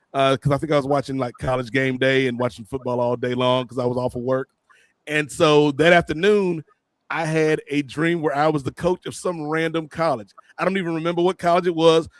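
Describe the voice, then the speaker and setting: Podcast host, man, slightly high voice, dry sound, lively comic storyteller. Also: no echo. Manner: animated, joking, addresses co-hosts by name. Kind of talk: casual comedic storytelling.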